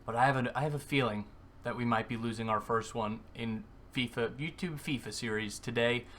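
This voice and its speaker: A man commentating his own football video game match, swinging from calm play-by-play to excited yelling. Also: medium pitch, fairly quick. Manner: excitable, screams at goals, then deflated and muttering. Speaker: gaming YouTuber. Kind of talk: live gameplay commentary.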